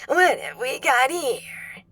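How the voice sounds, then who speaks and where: A woman's voice: high voice, very animated, takes it slowly, fairly bright tone, husky, recorded from a distance, heavily acted. A woman voicing a menacing female demon with a scratchy, smoker's voice and a cold, imperious manner.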